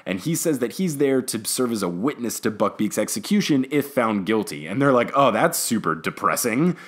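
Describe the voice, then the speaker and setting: A young man hosting a podcast, casually recapping a book chapter by chapter and briefly acting out the characters as he goes. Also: medium pitch. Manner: animated storyteller, acts out characters in quick asides. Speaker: podcast host.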